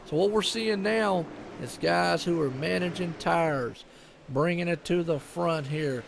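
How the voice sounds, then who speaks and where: A man with a Southern US drawl calls a live sim race in a folksy, chatty manner. His voice is a little high and gravelly. Faint noise and car engine sounds sit behind him. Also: unhurried. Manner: folksy, chatty, lots of "I tell you what" and "y'all". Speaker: race commentator. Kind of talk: live sim racing commentary.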